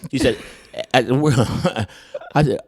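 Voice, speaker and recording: A man hosting a podcast, telling a funny personal story in casual chat, with many restarts and lively re-enactments. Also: mid-range voice, very slow, breathy edge. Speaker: podcast host.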